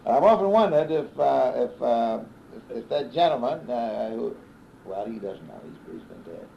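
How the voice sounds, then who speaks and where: A man in his fifties with a Southern US accent, a sports broadcaster telling stories in an unhurried interview with many pauses and restarts. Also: medium pitch, animated, vocal fry, a little hiss or hum. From American South. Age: 50s. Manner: unhurried storyteller with frequent "uh" restarts. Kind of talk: reminiscing interview. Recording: dull 1960s reel-to-reel tape.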